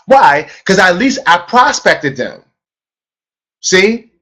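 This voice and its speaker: A middle-aged man giving an energetic sales training talk, emphatic and repetitive, often asking the audience questions. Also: high voice, takes it slowly, long pauses. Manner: emphatic, repeats himself, asks the audience questions. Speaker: network marketing trainer.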